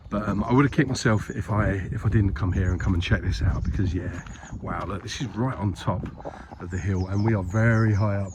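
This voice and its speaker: A man's lowish voice runs a little fast with hardly any pauses against a noisy background and birdsong. Filming a casual walk around a historic site on a hilltop near a graveyard, he's out of breath, rambles on chattily, and teases himself.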